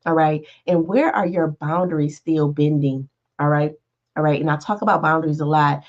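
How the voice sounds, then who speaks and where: A life coach hosts a podcast in a casual motivational monologue, conversational and often checking in with "right?" and "all right". Her deep voice keeps fairly even intonation at a moderate pace, and the highs are cut off.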